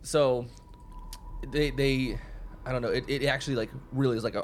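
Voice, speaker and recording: A man's voice: medium pitch, steady tone, normal speed, slight background noise. A young man co-hosting a casual movie review chat, laughing often and acting out lines from the film. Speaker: podcast co-host.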